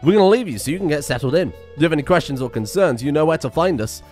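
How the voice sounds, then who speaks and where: A man voicing a kindly old male village mayor in a video game, slow and formal. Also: a little high, expressive, darkish tone, faint music behind, close to an everyday voice. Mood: welcoming. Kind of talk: voicing game dialogue aloud.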